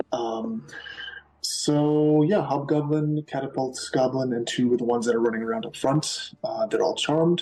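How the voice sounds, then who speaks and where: A man's voice: mid-range voice, darkish tone, rough recording. Male player, casual, thinks aloud, faint music behind. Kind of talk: casual game talk.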